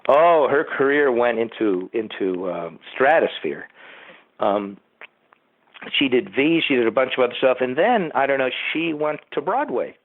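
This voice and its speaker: A man's voice: mid-range voice, animated, unhurried, dry recording. Older man telling stories over a phone line. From Southern California. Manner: rambling storyteller who acts out quotes. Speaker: producer and writer, interview guest. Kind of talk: casual anecdotal interview. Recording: tinny phone line, dry.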